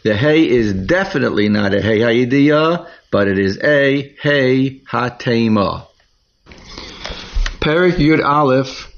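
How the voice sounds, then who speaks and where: Male Torah reading teacher with Ashkenazi Hebrew pronunciation. Very slow, careful delivery. Dull lo-fi recording. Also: medium pitch. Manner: careful, deliberate, sounds out words syllable by syllable. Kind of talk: slow explanatory lesson on Hebrew cantillation.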